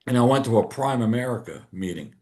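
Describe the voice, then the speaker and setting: A man's voice: mid-range voice, fast. A man, a podcast guest telling a story and acting out the dialogue in it. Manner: animated, acts out quoted dialogue. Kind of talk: casual storytelling.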